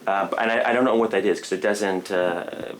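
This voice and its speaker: A man working as a surgeon, calmly walking a family through an operation, halting and repeating words as he explains. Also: fairly low pitch, a little hiss or hum. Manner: halting, repeats words, calm and matter-of-fact. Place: hospital.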